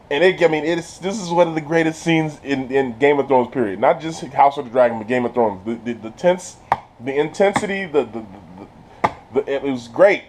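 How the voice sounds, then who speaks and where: A man casually recapping a TV episode in an animated, slangy way, laughing often and restarting his sentences. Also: medium pitch, normal speed, slight background noise. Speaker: channel host reviewing a TV episode.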